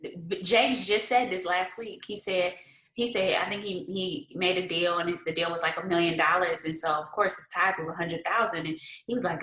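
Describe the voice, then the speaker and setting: Woman on a livestream hyping up her viewers, reading comments out, bright voice, echoey room. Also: lowish voice, fairly even intonation, normal speed. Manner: upbeat, reads viewer comments aloud and affirms them. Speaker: livestream host. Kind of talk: motivational livestream chat and prayer. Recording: roomy echo.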